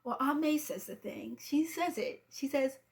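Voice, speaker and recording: A woman chats casually through a film review, acting out the characters' lines and sometimes dropping into soft, near-whispered asides. Her voice is high-pitched, animated and creaky, at a moderate pace.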